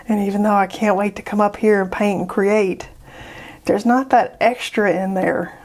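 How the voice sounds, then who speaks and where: A woman's voice: medium pitch, steady tone, normal speed, a little mellow. A chatty woman talks through her painting session for her followers. She jokes and laughs often, with a bubbly, easygoing way of talking. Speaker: art YouTuber.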